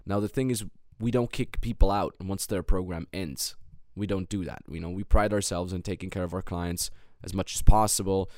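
A man's voice: low voice, steady tone, moderate pace, darkish tone, dry recording, studio quality. A man hosting a business coaching podcast, talking in a blunt, heated monologue. He swears a lot and repeats words and restarts when worked up.

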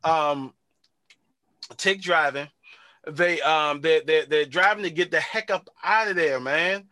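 Man host, slangy rambling storyteller, slightly high, bright and dry. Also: takes it slowly, no room sound. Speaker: podcast host. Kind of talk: casual chat recapping a TV episode.

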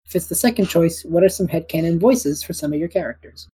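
Husky, mellow-voiced woman chatting. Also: on the low side, animated, fairly quick, rough recording. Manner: laughing, joking, rambling. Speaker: podcast co-host reading listener questions. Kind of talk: casual chat.

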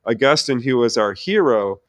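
A man's voice: medium pitch, moderate pace, no echo. Earnest man telling his story, dry sound. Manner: earnest, animated storytelling with frequent restarts. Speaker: theology professor and guest. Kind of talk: conversational personal testimony.

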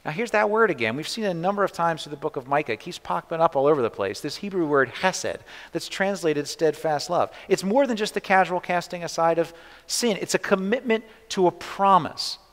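Male pastor, sermon, animated chatty delivery, fairly high voice, long church-hall reverb. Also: brisk. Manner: conversational preaching with frequent "right?" asides.

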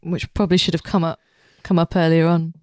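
Dry-witted Englishwoman with a low voice. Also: flat delivery, brisk, a little mellow, no room sound. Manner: dry, matter-of-fact, laughs easily. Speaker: podcast co-host. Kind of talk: casual comedic chat.

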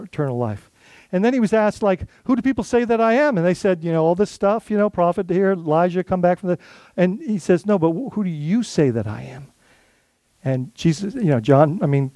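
Lead pastor, male, high voice, dry close sound; conversational sermon with rhetorical questions. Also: a little mellow, no room sound. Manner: conversational preaching with rhetorical questions and many restarts.

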